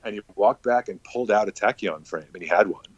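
A man's voice: on the low side, fast, no room sound, muffled recording. A man telling a casual, rambling story full of swearing and filler words.

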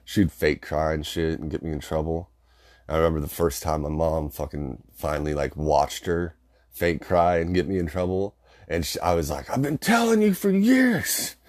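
Speaking at normal speed in an extremely low, level and darkish voice, a young man relays family stories casually. The stories ramble, full of swearing and his own laughter.

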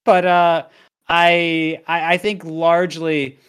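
A man's voice: on the high side, little pitch movement, takes it slowly, a bit bright, clear, resonant tone. Candid, self-deprecating young man. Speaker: guest, competitive player and streamer. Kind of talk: reflective interview answers.

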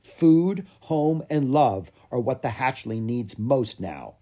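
A calm, wise dragon keeper from a storybook, speaking in an instructive, steady way, as a man reads him. The voice is husky and still moves a lot in pitch. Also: slow.

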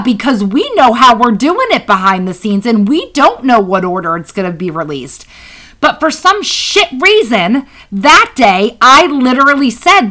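A woman co-host with a high voice tells stories in loose, casual chat, laughing often and swearing freely. Her tone is very bright and her stories are lively. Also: unhurried, rough recording. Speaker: podcast co-host.

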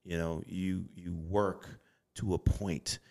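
A man's voice: deep voice, level tone, slow, gravelly, darkish tone. A middle-aged man co-hosting a podcast in a studio, talking reflectively in casual chat and often restarting his sentences. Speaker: podcast co-host.

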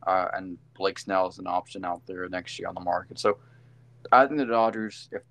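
Man, very deep voice, gravelly fry, casual sports podcast co-host, rambling with fillers. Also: steady tone, normal speed, fairly bright tone. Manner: rambling, self-correcting with many fillers.

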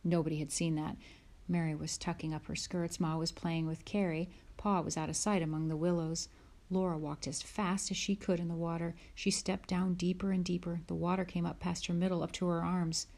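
A woman reading a children's book aloud, gentle, dropping to a whisper in tense moments. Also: fairly low pitch, little pitch movement, fairly quick, creaky. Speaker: narrator.

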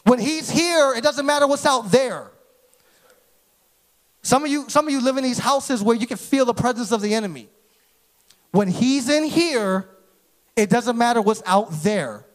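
High-voiced preaching man. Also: normal speed, pauses often. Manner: energetic preaching, rising to shouts. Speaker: pastor. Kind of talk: sermon.

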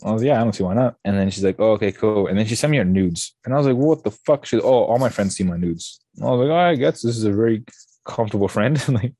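A man's voice: fairly low pitch, quick pace, husky, no echo. A young man, a guest on a podcast, tells a story casually, swearing freely and acting out the back-and-forth dialogue. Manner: animated, swearing, acts out quoted dialogue.

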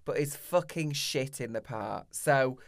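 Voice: mid-range voice, measured pace. A podcast host in casual chat, bantering in a camp, wry way.

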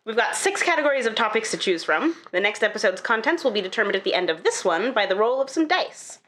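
Lively chatty woman podcast host. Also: a little high, fast. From Idaho, USA. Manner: laughs often, chatty and upbeat. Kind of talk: casual chat.

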